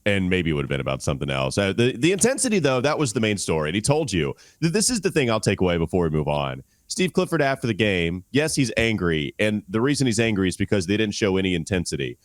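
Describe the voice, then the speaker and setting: A man's voice: lowish voice, big pitch swings, fast, hardly any pauses, no room sound. A man hosting a sports podcast, weighing in with emphatic analysis. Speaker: podcast host. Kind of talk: casual sports chat.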